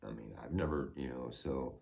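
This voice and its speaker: A middle-aged man from the United States, rambling and swearing in a personal vlog, moving between low, subdued talk and heated outbursts. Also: normal speed, gravelly, darkish tone. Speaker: homeowner vlogger.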